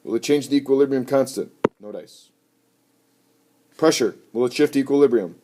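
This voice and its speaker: A man teaching a chemistry lesson in a playful, jokey way with animated asides. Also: medium pitch, normal speed. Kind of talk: recorded lecture. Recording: noisy recording with clicks.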